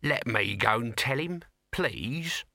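A man's voice: medium pitch, animated, slow, gravelly, sharp tone, dry recording, clean studio sound, exaggerated voice. A man voicing a sly, scruffy male city watch corporal with slangy, raised speech.

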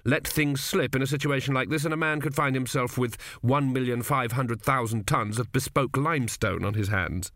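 A man with a mid-range voice narrates a comic fantasy audiobook from a script, keeping a measured, even storytelling manner. The studio recording is clean, with no echo.

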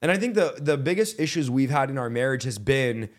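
A man's voice: medium pitch, animated, a little fast. A man hosting a podcast, chatting casually with his wife in a studio, rambling with lots of fillers. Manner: rambling, filler-heavy, emotional at times. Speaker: podcast host, preacher.

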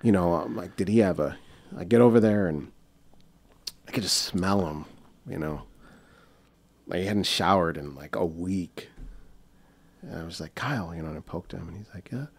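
In a dry recording, a young man from the US speaks at a moderate pace in a low, slightly rough voice with vocal fry, pausing often. He's a guest telling a wandering story in casual chat, heavy on fillers and restarts, and he acts out the quoted voices.

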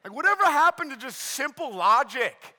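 A man in his thirties preaching a sermon in a church, telling a family story with animated, self-deprecating humor. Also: very high-pitched, moderate pace, in a large hall. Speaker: pastor.

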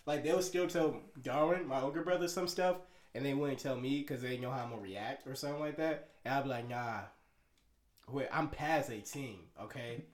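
A man in his twenties co-hosting a podcast, telling stories in a casual, profane, animated way and laughing often. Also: mid-range voice, fast talker. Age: 20s. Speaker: podcast co-host.

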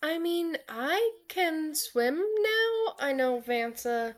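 A woman's voice: sits high, sing-song, drawn-out words, a little hiss or hum. A woman running a tabletop game and voicing a healer, chatting casually and joking at her own expense. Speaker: game master.

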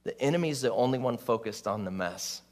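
A man's voice: medium pitch, expressive, fast talker. A male pastor preaching a sermon in an earnest, conversational way, often laughing at his own stories.

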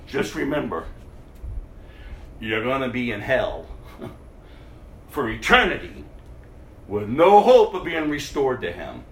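Man, preaching, slow measured delivery, bright animated pitch, roomy echo, faint background hiss. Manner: impassioned, swings from hushed to loud; addresses the congregation directly. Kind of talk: sermon. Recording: echoey room.

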